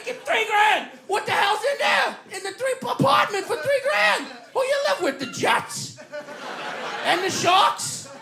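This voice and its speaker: Comic doing a raspy, high-pitched, yelling old coot, incredulous and scornful. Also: male voice, echoey room, slight background noise, exaggerated voice. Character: cranky old male New Yorker, shouting and indignant.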